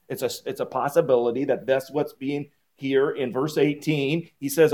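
Man, high voice, preaching a sermon, emphatic, rises on quotes. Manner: emphatic, rising on quoted blessings. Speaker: pastor. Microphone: PowerPoint on screen, speaking at a church lectern.

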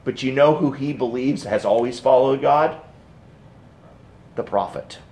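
A male pastor preaching a sermon, swinging from loud emphasis to hushed tones and reading scripture aloud. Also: medium pitch, moderate pace. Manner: reads scripture aloud in King James wording.

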